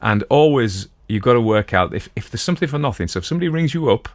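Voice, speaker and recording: A middle-aged podcast host talks fast, with lively intonation and a medium-pitched voice, recorded in studio quality with no room sound. He chats casually and digressively about a classic detective story from his home country.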